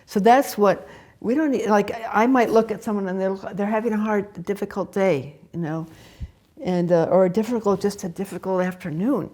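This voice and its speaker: In a meditation hall, an older woman who teaches Zen gives a candid, conversational dharma talk, laughing as she answers questions. Her voice is medium in pitch and dark in tone, and she speaks at a moderate pace.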